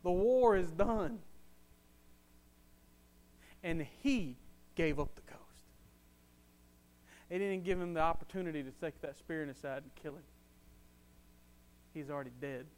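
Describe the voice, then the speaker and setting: High-voiced impassioned male preacher. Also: steady tone, moderate pace, long pauses. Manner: impassioned, swings from quiet to loud; repeats phrases for emphasis. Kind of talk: sermon.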